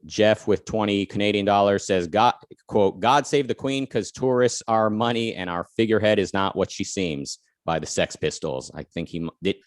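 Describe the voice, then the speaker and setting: A man's voice: on the low side, moderate pace, hardly any pauses, no room sound, studio quality. An American man co-hosting a talk show, chatting casually with many fillers and restarts and reading out viewer comments. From United States. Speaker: podcast co-host.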